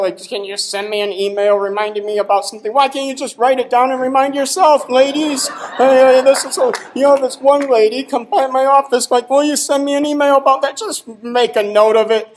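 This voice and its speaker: High-voiced man joking on stage. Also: rough recording. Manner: joking, exasperated, teasing the audience. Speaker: conference presenter. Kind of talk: humorous short talk. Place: conference hall.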